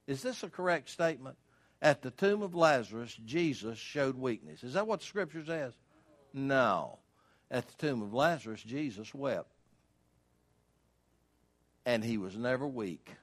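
A man's voice: mid-range voice, a bit bright. An older man preaching a sermon as pastor, folksy and emphatic, asking rhetorical questions.

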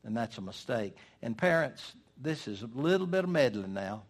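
Older man, sermon, folksy, emphatic, mid-pitched voice. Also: sing-song. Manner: emphatic, folksy preaching with dramatic pauses. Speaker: preacher.

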